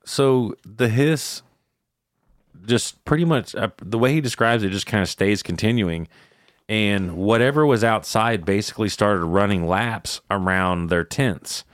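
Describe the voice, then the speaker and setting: A man's voice: on the low side, a little slow, no echo, clean studio sound. A man hosting a podcast, retelling eerie camping stories in loose, casual, profane talk. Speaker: podcast host. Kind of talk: casual storytelling chat.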